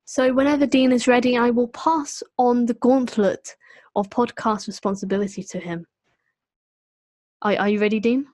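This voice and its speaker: A woman's voice: a little high, steady tone, moderate pace, a little mellow, no room sound. A woman co-hosting a podcast with dry, teasing banter. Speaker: podcast co-host.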